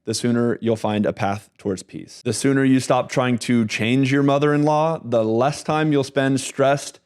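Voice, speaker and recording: A man's voice: mid-range voice, fairly even intonation, moderate pace, a little mellow, clean tone. A man hosting a podcast, giving earnest, motivational commentary in repeated, sermon-like phrases. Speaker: podcast host.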